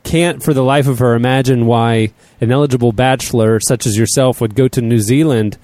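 A man's voice: medium pitch, fairly even intonation, a little fast, warm tone, no room sound. A man hosting a casual chat, teasing his guest and laughing often. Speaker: host.

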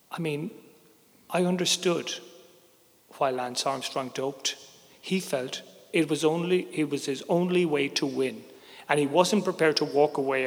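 Man, middle-aged, gravelly voice, a bit high-pitched, candid live storytelling, reverberant hall. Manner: candid, wry, conversational storytelling. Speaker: journalist telling a personal story. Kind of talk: live personal storytelling on stage. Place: theater stage before an audience.

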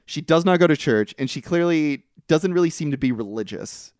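A man casually recapping a movie on a podcast, lively and profane, breaking into mocking high outbursts. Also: moderate pace, no echo, clean studio sound. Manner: lively, swears, mimics characters in exaggerated high outbursts. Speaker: podcast co-host.

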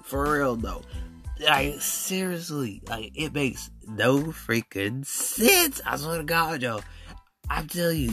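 A man rants through a solo podcast in a blunt, slangy storytelling style. His voice is bright and forceful at a middle pitch, with faint music underneath. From Alabama. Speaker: podcast host.

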